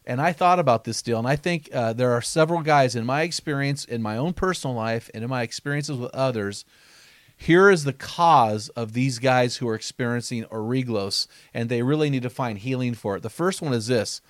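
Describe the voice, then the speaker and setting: A man's voice: medium pitch, fairly quick, no echo. Earnest man telling stories, dry sound. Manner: earnest storyteller who reads quotes aloud; frequent restarts and repeated words. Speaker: author and podcast host. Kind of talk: conversational podcast teaching with stories.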